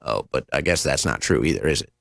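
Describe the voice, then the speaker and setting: A man's voice: extremely low pitch, quick pace, creaky, no room sound, clean studio sound. A man in his thirties hosting a political talk show, commenting with sarcasm and mocking impressions. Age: 30s. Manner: sarcastic, mocking, animated mimicry. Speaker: show host.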